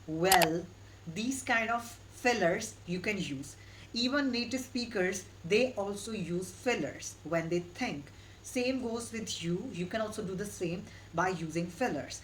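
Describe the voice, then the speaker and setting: A woman giving an online English lesson in a steady, instructive way, repeating her key points. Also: mid-range voice, a little hiss or hum, low-quality recording. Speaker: English teacher.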